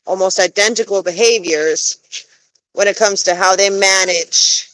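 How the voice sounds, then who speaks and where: Slow-talking woman chatting from her farm. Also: medium pitch, fairly even intonation, a bit bright, dry recording, poor audio. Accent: Texan. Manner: slow, rambling explanations with fillers. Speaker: pet goose keeper livestreaming. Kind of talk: casual live stream chat. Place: outdoors on a farm.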